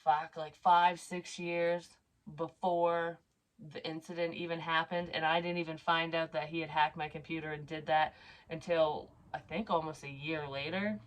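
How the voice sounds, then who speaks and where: A woman with a fairly low voice tells a long personal story in an unscripted, rambling way. She is blunt and swears freely, drifting into asides before coming back to the point. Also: level tone, normal speed. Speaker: psychic medium vlogger.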